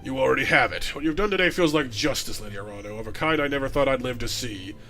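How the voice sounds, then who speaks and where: A grave older lord speaks slowly and formally in a lowered voice, as a man puts him on. His tone stays solemn and dignified. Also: lively intonation, sharp tone, soft background music. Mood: solemn gravity. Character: grave older nobleman lord, grieving father.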